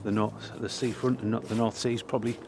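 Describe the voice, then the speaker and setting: A man gives a casual walking tour of a cemetery. He reads old headstones aloud with pauses and restarts, and he is out of breath. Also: medium pitch, level tone, background noise. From North East England. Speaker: local history vlogger. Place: outdoors in a cemetery.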